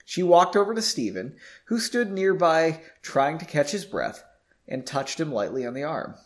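A man's voice: a little high, very animated, moderate pace. A young man reading his own story aloud, breaking off for joking, self-mocking asides. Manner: self-mocking, chatty, laughs at himself.

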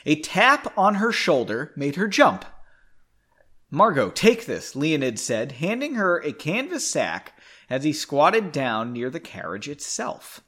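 At home, a man reads a fantasy story aloud in a fairly high, fairly bright voice with huge pitch swings, going a little slowly. An amateur reader, he's chatty and self-mocking, adding asides and often stumbling and rereading lines.

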